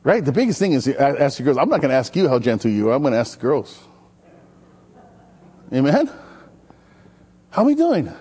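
A male pastor from Maui preaching an animated sermon, telling stories and calling out to the congregation. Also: medium pitch, moderate pace, long pauses, husky. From Maui, Hawaii. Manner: energetic, chatty, storytelling with call-and-response.

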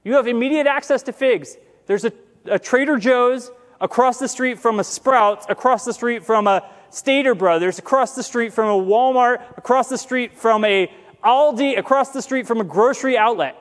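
A man with a strikingly high voice preaches a sermon in a loose, conversational way, full of jokes and asides. He slows down and lifts his voice when he reads scripture aloud. The sound carries a long reverb, as if it were recorded in a large sanctuary. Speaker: pastor.

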